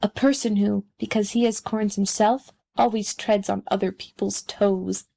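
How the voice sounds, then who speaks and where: A woman's voice: mid-range voice, fairly even intonation, normal speed, vocal fry, dark tone. A woman doing a dry, sardonic Roman Candle. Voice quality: dry, cutting.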